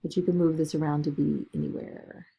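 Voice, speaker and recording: A woman giving a chatty screen-recorded software tutorial, talking through each click with lots of "okay" and "all right". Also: low voice, flat delivery, fairly quick, vocal fry. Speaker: business video tutor.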